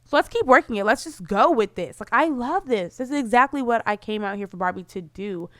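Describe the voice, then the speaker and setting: A woman's voice: on the high side, expressive, a little fast, fairly bright tone, dry recording, studio quality. A woman giving casual, bubbly commentary over her life-simulation gameplay, full of "like" fillers. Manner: chatty, bubbly, lots of "like" fillers.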